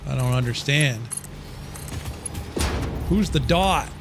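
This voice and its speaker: A man's voice: mid-range voice, animated, takes it slowly, loud music behind the voice. A man streaming a building game live, chatting casually, easily confused and answering his chat as he plays. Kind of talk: casual live gameplay commentary.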